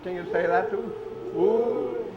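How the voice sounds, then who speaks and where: A man with a high voice reads train picture books to small children, slow and sing-song, echoing each word and coaxing them to join in. The recording is roomy and echoey, with a dull lo-fi sound. Steady hiss runs underneath. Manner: sing-song, repeats words, prompts kids to say sounds along. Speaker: storybook reader for children.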